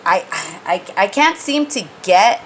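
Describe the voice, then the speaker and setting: A woman's voice: medium pitch, expressive, slow pace, a little hiss or hum, poor audio. A woman giving a casual tarot reading, rambling and conversational with many fillers and restarts, and blunt when she gets heated. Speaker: tarot reader.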